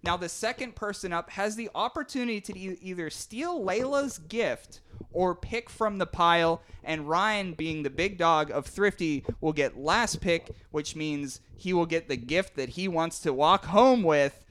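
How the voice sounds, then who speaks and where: A man's voice: high-pitched, a little slow, fairly bright tone. A man hosting a casual podcast with friends, organizing the game order and explaining the rules, laughing easily. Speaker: podcast host. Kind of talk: casual group chat.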